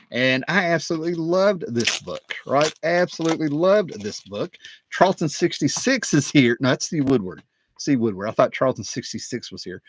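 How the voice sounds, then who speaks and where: A man hosting his own video, talking casually and excitedly, wandering off on tangents with plenty of fillers. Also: mid-range voice, no echo. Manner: excited, digressive, many fillers. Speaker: comic book collector and video host. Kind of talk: casual rambling talk.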